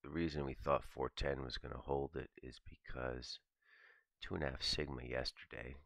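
A man with a gravelly, very deep voice delivers a morning market commentary in a relaxed, profane, stream-of-thought manner. The recording is dry, with no room sound around him. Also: normal speed, no room sound. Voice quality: gravelly, very low voice. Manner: casual, profane, thinking aloud. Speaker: trading commentator.

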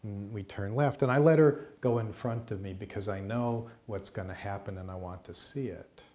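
A man leads a class with a long story, his voice low and steady. He talks in a casual, unhurried way, painting scenes and checking in with his listeners. It sounds like a college teaching room. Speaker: course teacher. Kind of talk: storytelling lecture.

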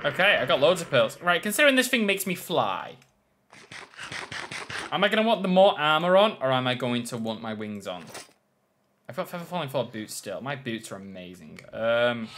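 A young man commentating his own video game play, excitable, swearing and shouting when surprised. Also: mid-range voice, normal speed, pauses often, slight background noise. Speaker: gaming channel host.

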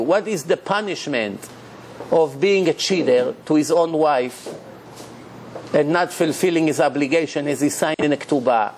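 A man's voice: a little high, a little mellow, a little hiss or hum. A man who is a rabbi, giving an emphatic sermon full of rhetorical questions, in loose, non-standard English grammar.

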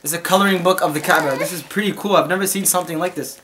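A man's voice: high voice, steady tone, racing, background noise. A man talking casually to camera as a vlogger, playful and teasing, often repeating and restarting his words. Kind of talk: casual vlog chat.

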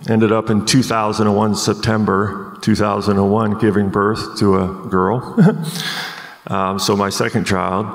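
A man in his forties earnestly telling his life story as a podcast guest, halting with many ums, recorded live at a conference. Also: lowish voice, vocal fry, long reverb tail.

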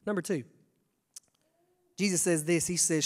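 A young man preaching a sermon, stammering on restarts and swinging from hushed to shouting. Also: high-pitched, a little fast. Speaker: pastor. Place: church sanctuary. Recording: long church reverb.

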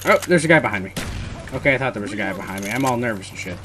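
A young man giving live commentary on his own gameplay, muttering one moment and yelling curses the next. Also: fairly low pitch, lively intonation, rapid-fire, slight background noise. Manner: swings from muttering to loud swearing rage. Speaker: gamer recording his match.

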